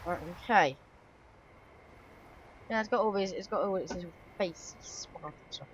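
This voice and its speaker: A woman's voice: mid-range voice, moderate pace, highs cut off. A woman giving chatty, self-correcting commentary while she plays a game. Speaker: channel host. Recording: train engine noise underneath.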